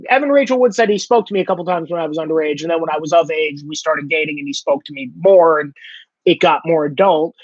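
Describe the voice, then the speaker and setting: A man's voice: on the high side, quick pace, dry recording. A man hosting a ranting commentary monologue, profane and mocking, with a slightly dull lo-fi sound. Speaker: host.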